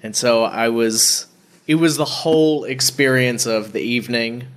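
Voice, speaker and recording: A man, a magician guest in a casual chat, talking with many pauses and fillers and eager excitement. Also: mid-range voice, clean tone. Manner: hesitant, with many uh and you know, then eager and excited.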